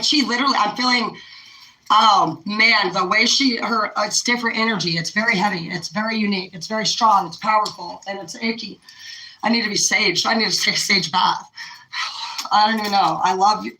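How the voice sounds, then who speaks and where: A woman's voice: mid-range voice, pushed and bright, a little hiss or hum, low-quality recording. A woman livestreaming an unscripted rant, rambling, profane and heated.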